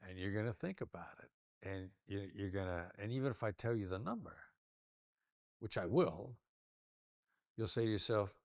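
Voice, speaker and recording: Older male negotiation expert, low voice, plays with his tone to show each point. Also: lively intonation, normal speed, pauses often, a little mellow, no echo, studio quality. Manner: demonstrative, varies tone to illustrate points. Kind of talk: interview conversation.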